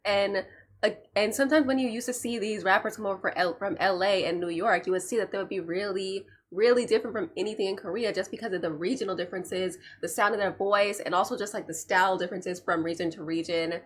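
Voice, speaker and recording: A woman's voice: medium pitch, quick pace. A woman hosting a reaction video, chatting casually and checking her notes, with frequent restarts. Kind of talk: casual commentary.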